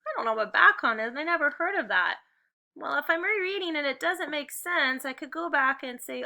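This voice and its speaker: Her voice high-pitched, animated, pushed and bright, a woman runs a video phonics lesson for first graders. She gives slow, clearly pronounced drill prompts and offers cheerful, encouraging praise.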